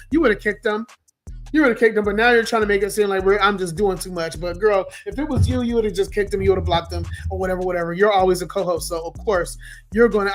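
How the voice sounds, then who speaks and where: A hoarse man, losing his voice, venting bluntly and profanely in a casual livestream rant. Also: sits high. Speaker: livestream host.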